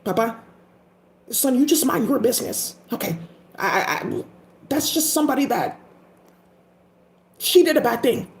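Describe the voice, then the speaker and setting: A woman's voice: on the high side, sing-song, moderate pace, pauses often, reverberant, a little hiss or hum, poor audio. A woman voicing an older father who brushes off his son's worries, dismissive and soothing.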